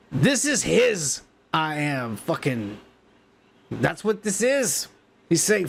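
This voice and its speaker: Podcast guy ranting and swearing a lot, slow and gravelly, a bit of hiss behind. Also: on the high side, very animated, fairly bright tone. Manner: profane, ranting. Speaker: podcast host. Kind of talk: comedic news rant.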